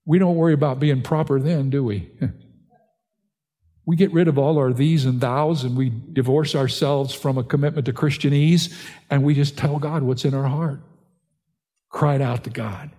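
An older man, a pastor, preaching an earnest sermon that climbs in pitch and force on key points. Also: steady tone, moderate pace, warm tone, long reverb tail.

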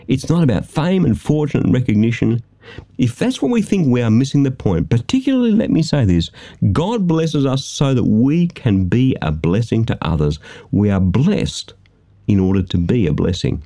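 A man's voice: mid-range voice, sing-song, moderate pace, mellow. A man preaching a sermon from a studio, emphatic and full of rhetorical questions.

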